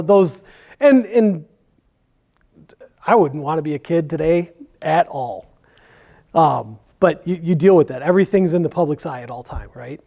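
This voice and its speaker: A man's voice: high voice, a little mellow. A man who works as a firefighter, talking candidly about his job in a church Q&A, rambling with many fillers. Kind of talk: conversational Q&A in church.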